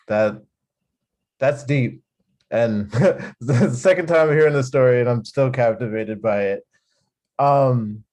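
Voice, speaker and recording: Low-voiced hesitant male podcast host. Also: a little mellow. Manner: impressed, hesitant, searching for words. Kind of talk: casual podcast chat.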